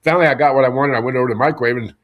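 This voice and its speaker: A man's voice: medium pitch, racing. A middle-aged man from Pennsylvania telling his own story in a podcast interview, earnest and often repeating words as he starts a sentence. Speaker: interview guest. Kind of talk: conversational storytelling.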